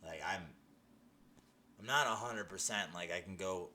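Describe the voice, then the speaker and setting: A man tells his personal healing testimony in a lowish voice, emphatic and excited, stumbling over restarts as he goes. A faint hum of room ambience sits under his voice. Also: measured pace. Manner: excited, laughing, emphatic storytelling with many restarts. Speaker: testimony speaker.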